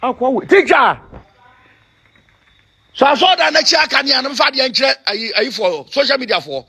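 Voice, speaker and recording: A Ghanaian man leads an excitable, chanting call-and-response. His voice sits very high and sounds husky and breathy. He moves his pitch around a lot and repeats himself again and again. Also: moderate pace. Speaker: self-styled spiritual leader. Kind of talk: animated call-and-response preaching.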